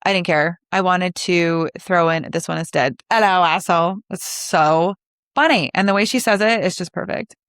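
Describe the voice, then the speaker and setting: A woman's voice: lowish voice, moderate pace, hardly any pauses, fairly bright tone, no echo, studio quality. A young woman in her twenties hosting a podcast alone, chatting casually and animatedly with lots of likes and asides. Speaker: podcast host. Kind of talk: casual solo podcast chat.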